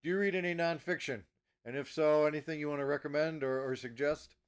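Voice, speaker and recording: A man hosting an interview, firing off quick questions and laughing often. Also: on the high side, steady tone, clear, resonant tone. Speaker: interview host. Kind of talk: casual interview chat.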